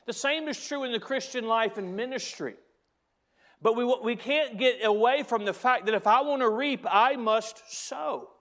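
A man's voice: very high-pitched, normal speed, fairly bright tone. A man preaching a sermon as pastor, speaking to the congregation directly and driving home key phrases by repeating them.

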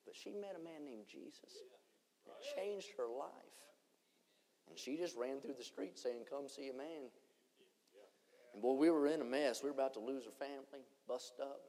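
A man preaching a revival sermon, swinging between shouted lines and hushed ones. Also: medium pitch, expressive, moderate pace. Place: church conference hall. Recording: long church hall reverb.

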